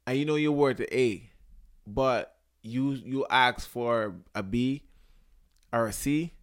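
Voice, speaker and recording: A young man holds forth on relationships in loose, casual talk, swinging between heated emphasis and quieter stretches. His voice sits at an ordinary middle pitch, and he keeps restarting sentences and hunting for the right word. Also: normal speed. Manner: animated, emphatic, swears and repeats himself; searches for words, frequent restarts. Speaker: podcast host.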